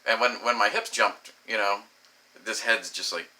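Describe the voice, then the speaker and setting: A young man telling a crude comic story, profane and animated, acting out the voices in his quotes. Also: lowish voice, moderate pace. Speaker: comedic storyteller. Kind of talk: crude comedic monologue.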